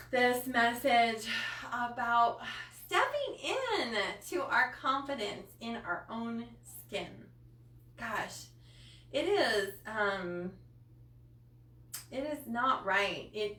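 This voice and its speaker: A woman with a bright, fairly high voice speaks passionately to her live-stream viewers, often close to tears and full of fillers. The sound is roomy and comes from slightly off the mic. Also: animated, takes it slowly, far from the mic. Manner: passionate and emotional, with many fillers. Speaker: coach hosting a live body-image training.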